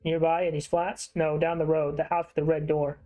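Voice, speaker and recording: A man's voice: fairly high pitch, little pitch movement, a little fast, mellow, lightly acted. A man voicing a small, sweet, chatty boy while reading game dialogue aloud.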